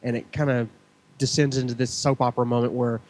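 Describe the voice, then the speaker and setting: A man's voice: mid-range voice, quick pace, a little hiss or hum. Jokey man co-hosting a podcast. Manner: jokey, relaxed. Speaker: podcast co-host. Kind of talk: casual chat.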